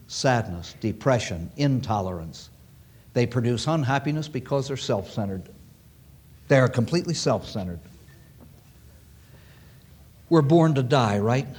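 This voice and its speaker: A man's voice: medium pitch, a little mellow. A man preaching a sermon to an audience, emphatic and repeating key phrases for weight.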